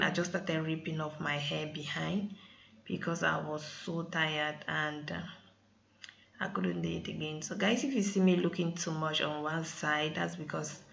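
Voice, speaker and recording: Slow, gravelly woman vlogging about hair. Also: deep voice, a bit bright, dull audio, slight background noise. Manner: chatty, keeps saying "guys". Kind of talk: casual vlog voice-over.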